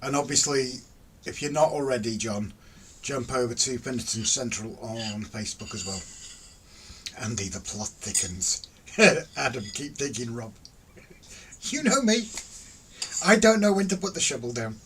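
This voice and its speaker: A man's voice: mid-range voice, lively intonation, measured pace, long pauses, a bit bright. A middle-aged man hosting a casual live stream, reading out viewer comments in a teasing, jokey way and laughing often. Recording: distant mic with faint ambient noise.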